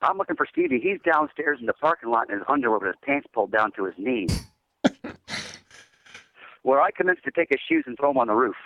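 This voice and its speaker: A man's voice: medium pitch, very animated, brisk, pauses often, dry recording, muffled recording. A man, a metal band's singer, chatting casually in an interview and telling rambling laid-back stories full of "dude". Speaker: metal band singer guest.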